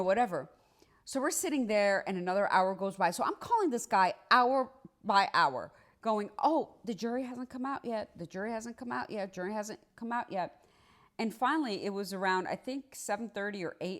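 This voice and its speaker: A woman, a trial lawyer, telling a personal story in a casual, conversational monologue. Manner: animated, acts out dialogue with big pitch swings; conversational, many fillers like "like" and "right".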